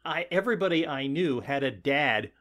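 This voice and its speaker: A man in his twenties co-hosting a podcast, chatting casually with halting restarts and a reassuring tone as he tells stories. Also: fairly high pitch, lively intonation, fairly bright tone. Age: 20s. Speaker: podcast co-host. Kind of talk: casual chat.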